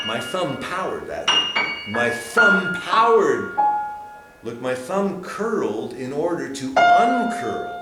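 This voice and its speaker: Male piano teacher giving a workshop lecture, very lively pitch, echoey room with loud piano. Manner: animated explaining with sudden high exclamations. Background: piano playing.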